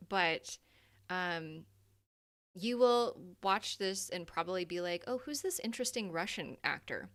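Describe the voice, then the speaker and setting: A young woman hosting a live stream, chatting casually with her viewers. She talks loosely and freely, laughing often and swearing without a second thought. Her voice sits in an ordinary middle pitch. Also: a bit bright.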